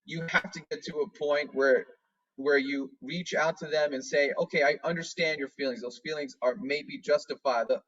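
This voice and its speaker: A man who directs a dance studio, giving an instructional talk on a video call, measured and restarting phrases as he explains. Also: on the high side, fairly bright tone, distant mic, muffled recording.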